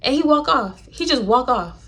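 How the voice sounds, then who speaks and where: A young storytime vlogger from Houston, Texas, shares a personal story, talking straight to the camera as if catching up with friends. Her voice sits high and is a bit bright and husky, animated at a normal speed. She's blunt and chatty and swears freely.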